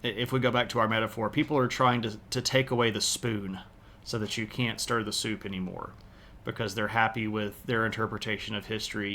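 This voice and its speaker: A man's voice: fairly low pitch, fairly bright tone, slight background noise. A man chatting casually on a history livestream, rambling with many fillers and restarts. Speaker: history streamer.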